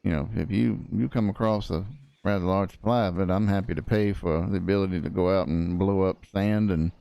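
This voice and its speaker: A man's voice: low-pitched, fairly even intonation, fairly quick, gravelly, clear, resonant tone, no room sound, lo-fi sound. A man roleplaying a cranky old frontier prosecutor, rambling in a folksy way with lots of fillers. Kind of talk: in-character roleplay chat.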